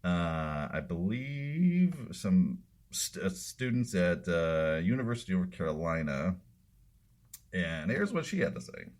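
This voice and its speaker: A man's voice: deep voice, sing-song, darkish tone. A man hosting a political commentary podcast, sarcastic and drawling, hesitating often. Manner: sarcastic, drawling, halting with fillers. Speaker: host.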